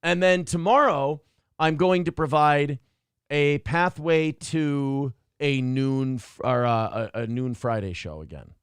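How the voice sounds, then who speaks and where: A man's voice: a little high, takes it slowly, clean tone, no room sound, studio quality. A man hosting a casual live show, joking crudely and reading out viewer messages. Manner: joking, reads chat messages aloud.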